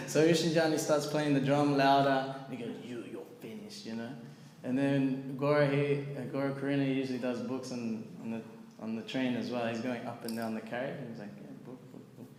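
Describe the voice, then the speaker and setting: Animated man telling a story in an echoey hall. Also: mid-range voice, normal speed. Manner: animated, acts out the people in his story. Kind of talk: storytelling talk. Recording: echoey hall, faint background noise.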